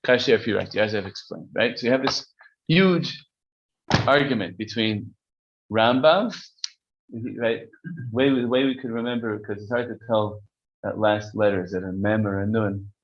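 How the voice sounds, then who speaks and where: A man's voice: fairly low pitch, normal speed, muffled recording. A man teaching a casual text-study class, reading Hebrew passages aloud and explaining them conversationally. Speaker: Torah teacher.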